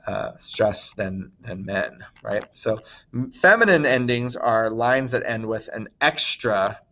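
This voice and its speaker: A man's voice: fairly low pitch, animated, slow pace, sharp tone, a little hiss or hum. A man teaching a recorded lesson in a casual, chatty way, with asides and fillers. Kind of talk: recorded screen-share lesson.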